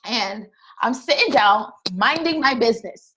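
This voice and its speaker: A woman's voice: on the high side, expressive, moderate pace, sharp tone, slightly rough, rough recording. Young woman, Trinidadian accent, podcast co-host; candid, emphatic, conversational delivery. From Trinidad and Tobago. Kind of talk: casual chat.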